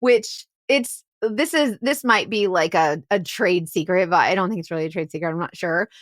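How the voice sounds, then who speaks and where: A woman's voice: on the low side, normal speed, no echo, clean studio sound. A woman podcast host and private investigator telling a case story in a chatty way, full of "like" and "right?". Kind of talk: casual storytelling chat.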